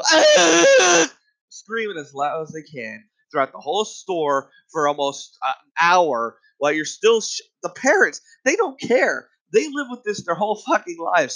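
High-voiced man in a profane angry rant. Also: sharp tone, poor audio.

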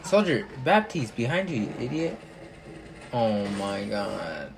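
A man's voice: on the low side, very animated, slow pace, gravelly, noisy background. A young man talking over his own online match, ranting and swearing at his teammates in frustration. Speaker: gamer. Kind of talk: live gameplay commentary.

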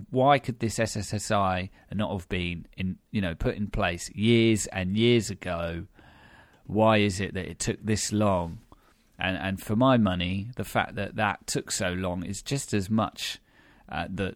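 A man's voice: fairly low pitch, dry recording, clean studio sound. A British man hosting a podcast, chatting wryly with many fillers and restarts. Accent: British English. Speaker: podcast host. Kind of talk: casual podcast chat.

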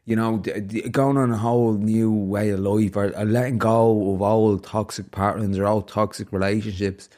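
A man's voice: fairly low pitch, level tone, moderate pace, few pauses, a little mellow. A man hosting a casual podcast, reflective and fond of telling stories. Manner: storytelling, upbeat and reflective. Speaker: podcast host.

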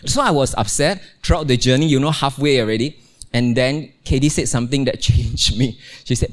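A middle-aged man preaching a sermon in a church, telling a family story with playful humor and lively exclamations. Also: normal speed. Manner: animated storytelling, playful, exclaims with rising pitch. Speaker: pastor. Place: church, also streamed online.

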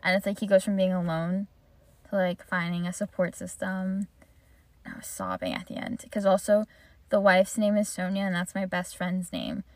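A woman's voice: on the low side, animated, moderate pace, a little mellow, no room sound. A young woman hosting a casual solo podcast, chatting in a gushing way with lots of "like.". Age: young adult. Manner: chatty, gushing, heavy use of "like". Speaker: podcast host.

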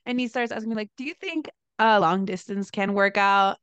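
A young woman co-hosting a podcast, telling a story in a chatty, animated way with lots of fillers. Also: fairly quick, clear, resonant tone, dry recording, highs cut off. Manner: animated storyteller, lots of "like", laughs into high pitch. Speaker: podcast co-host, dancer. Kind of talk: casual chat, storytelling.

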